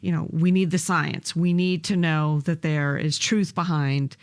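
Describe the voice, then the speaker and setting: A member of a casual Bible study group, sharing an opinion in a measured, hedging way. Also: medium pitch, fairly even intonation, clean tone, no room sound.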